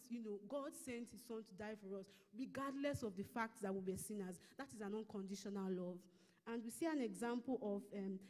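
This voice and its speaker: A woman's voice: medium pitch, warm tone. Nigerian woman teaching scripture in a hall. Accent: Nigerian English. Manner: measured, explanatory, reads scripture slowly. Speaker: church minister teaching a lesson. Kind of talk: sermon-style Bible teaching.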